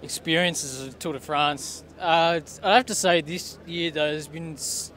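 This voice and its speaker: A man's voice: a little high, measured pace, a bit bright. A man, a pro cyclist, answering interview questions outdoors in a thoughtful, wordy, casual way. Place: outdoors at a bike race.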